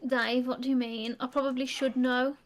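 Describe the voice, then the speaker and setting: A woman's voice: sits high, flat delivery, normal speed. A woman with a West Midlands accent chatting casually and playfully on a live stream. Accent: West Midlands English. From West Midlands, England. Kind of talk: casual chat.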